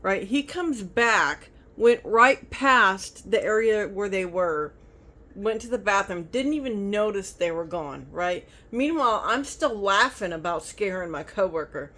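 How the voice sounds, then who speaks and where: A woman's voice: medium pitch, expressive, measured pace, bright, forceful tone. Chatty woman vlogging. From United States. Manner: chatty, rambling. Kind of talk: casual storytelling vlog. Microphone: phone.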